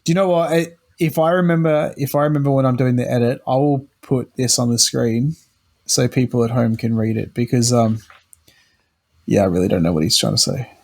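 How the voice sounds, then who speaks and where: An easygoing male podcast co-host chatting casually. He jokes around with a mid-pitched, everyday voice. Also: fairly even intonation, brisk, gravelly, a little mellow. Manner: joking, easygoing.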